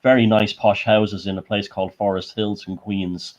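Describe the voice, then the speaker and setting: A man with an Irish accent, a guest chatting casually in an animated, teasing way. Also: lowish voice, normal speed, muffled recording. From Ireland. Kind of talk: casual chat.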